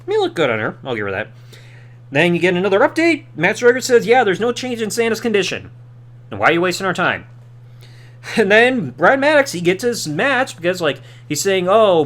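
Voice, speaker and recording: A man's voice: high-pitched, a bit bright. A man hosting a podcast, recapping a wrestling show in casual commentary with sarcastic asides and mocking quoted voices. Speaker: podcast host.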